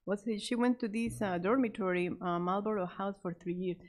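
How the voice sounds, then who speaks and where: A woman speaking at a middle pitch tells a story to a church class. She talks freely with fillers and restarts and lifts her voice to play the characters. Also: moderate pace. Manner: animated, acts out the quoted characters with raised pitch; many fillers and restarts, unscripted. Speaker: Sabbath School storyteller.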